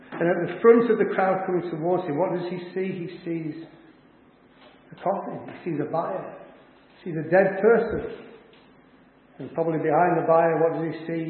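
Preacher in an echoey hall. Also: male voice, a little high. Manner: dramatic, conversational storytelling. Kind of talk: sermon. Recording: tinny, echoey church hall.

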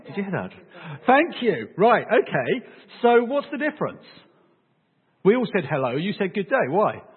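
A man preaching a sermon, animated and joking with his congregation. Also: high voice, husky. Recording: phone-like, echoey hall sound.

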